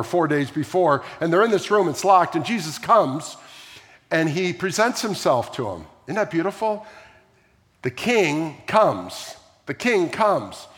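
A fairly high-voiced man delivers a sermon in a large sanctuary, his words ringing with a long hall reverb. He tells the story in an animated way and keeps throwing questions out to the congregation. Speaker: pastor.

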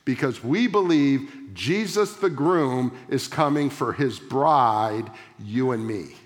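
A middle-aged man preaching a sermon from the front of his church, emphatic and slowing down to stress key words. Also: medium pitch. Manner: emphatic, varying pace for stress. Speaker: pastor. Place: church sanctuary. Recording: long church reverb.

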